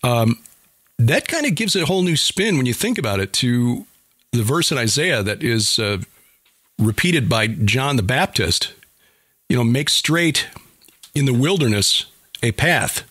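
A man's voice: mid-range voice, big pitch swings, a little slow, pauses often, fairly bright tone, breathy edge, no echo. A man speaking hesitantly, with many fillers, as a panelist in a roundtable over a video call. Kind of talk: casual roundtable discussion.

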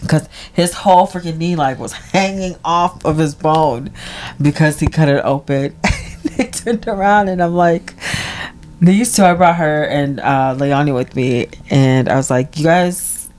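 A woman's voice: low-pitched, a little slow, darkish tone. A woman chatting casually on a podcast with her siblings, teasing them as she tells family stories. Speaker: podcast guest, host's sister.

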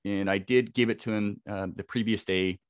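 A man's voice: on the low side, steady tone, moderate pace, smooth, no room sound, clean studio sound. A man, a podcast guest, telling a vivid first-person encounter story with frequent restarts. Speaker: podcast guest, Bigfoot researcher.

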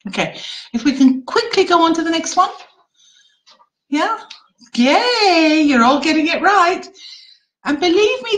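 A woman teacher trainer presenting an online webinar in an animated, encouraging classroom-teacher manner. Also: high voice, poor audio.

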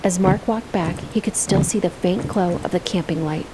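A woman voicing a calm character who tells ghost stories in a game, in an even, measured reading. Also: fairly low pitch, very noisy, natural voice. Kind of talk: scripted storytelling in a game.

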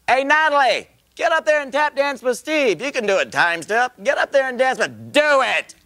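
Guy doing an impression of a movie star, high and pushy, egging someone on. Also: big pitch swings, normal speed, background noise. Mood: cajoling. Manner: cajoling, urging. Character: coaxing male film star at a party.

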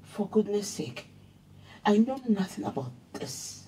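A woman's voice: medium pitch, sing-song, measured pace, mellow, husky, exaggerated voice. An actress playing an older mother who pleads and protests her innocence to her son. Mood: protesting.

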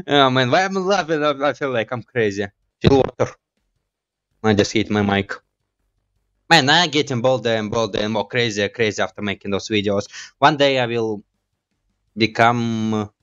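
Excitable man, slightly dull mic. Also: lowish voice. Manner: excitable, jokey, laughs at himself. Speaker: gaming YouTuber. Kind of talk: casual let's-play commentary.

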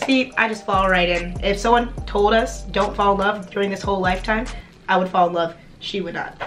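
A woman's voice: mid-range voice, fairly even intonation, brisk, fairly bright tone, faint music behind. A young woman hosting a casual chat video with a friend, teasing her, laughing often and reading out questions. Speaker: YouTube vlogger.

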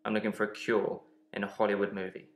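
An actor playing a grieving man stuck reliving one day, speaking in a weary, flat, subdued way in a game. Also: on the low side, fast, roomy sound, slight background noise, close to an everyday voice. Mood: wry.

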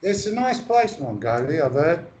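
High-voiced rambling English comic. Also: male voice, big pitch swings, normal speed, darkish tone. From England. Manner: rambling, sweary, mock-earnest. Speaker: comedy co-host. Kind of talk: improvised comedy chat.

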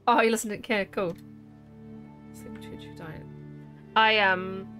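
A woman's voice: medium pitch, unhurried, soft background music. Chatty woman streaming a game. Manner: chatty and animated, with a questioning lilt. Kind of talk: casual game commentary.

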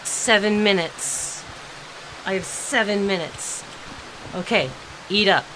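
A woman's voice: mid-range voice, takes it slowly, background noise. A woman playing a horror game and commenting as she goes, tense and swearing, talking to herself and to the game. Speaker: let's play gamer.

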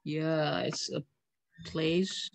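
Patient slow-talking Indonesian teacher. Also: male voice, on the high side, steady tone, creaky, slight background noise. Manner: patient, calls on pupils by name and explains grammar step by step. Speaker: English teacher. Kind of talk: online class teaching. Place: online meeting from home. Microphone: video call.

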